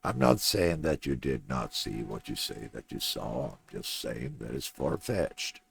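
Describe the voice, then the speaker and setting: A man's voice: extremely low pitch, very animated, measured pace, gravelly, slight background noise, heavily acted. A man voicing a grumpy old southern man in an audiobook reading. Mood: grumbling.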